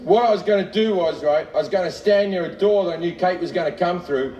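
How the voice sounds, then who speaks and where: A man's voice: high voice, fast talker, highs cut off. A middle-aged man doing a stand-up comedy routine, telling a profane, self-mocking story with laughs. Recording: echoey, distant, noisy live recording.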